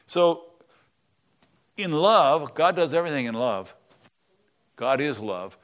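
A man preaching a conversational sermon in a church, swinging between loud, stressed words and quiet asides. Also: on the high side, animated, slow. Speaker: pastor.

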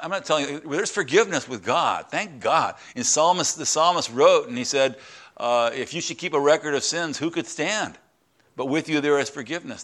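Male pastor, conversational sermon, halting restarts, quiet prayerful asides, church. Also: mid-range voice.

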